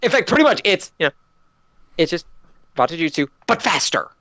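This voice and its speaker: High lively guy reading a story, snarky comments, dry close mic. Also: brisk, dry recording. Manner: sarcastic asides while narrating. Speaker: narrator and host. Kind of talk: comedic dramatic reading.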